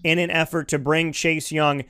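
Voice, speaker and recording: A smooth, clear male voice sits fairly high for a man as he hosts a sports talk show from his studio microphone. He argues in an animated, rambling way, full of restarts and "you know"s. The sound is dry and close. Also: moderate pace, no room sound. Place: home studio.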